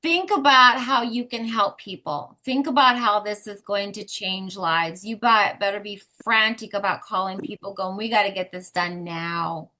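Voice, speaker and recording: A woman's voice: mid-range voice, moderate pace, few pauses, pushed and bright. A woman leading a sales team on a motivational call, talking bluntly and emphatically, often laughing.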